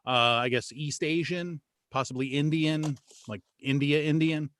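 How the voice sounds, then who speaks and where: A tired man co-hosting a live-stream show from a small booth, loud, profane and joking. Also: a little high, steady tone, measured pace, dry recording, clean studio sound. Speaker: podcast co-host. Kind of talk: casual live-stream chat. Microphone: studio mic in a small booth.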